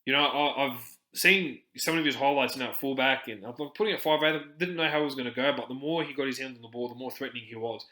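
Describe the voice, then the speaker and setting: Passionate man, bright echoey voice. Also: medium pitch, fast, few pauses. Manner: passionate, rambling, many restarts. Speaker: podcast host. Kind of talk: casual sports podcast chat.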